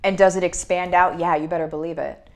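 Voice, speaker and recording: A woman, hosting a casual livestream from home and warmly greeting viewers by name. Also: fairly low pitch, fairly even intonation, a little fast. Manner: upbeat, greets viewers by name, talks to her dog. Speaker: business coach hosting a livestream. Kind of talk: casual livestream chat reading comments.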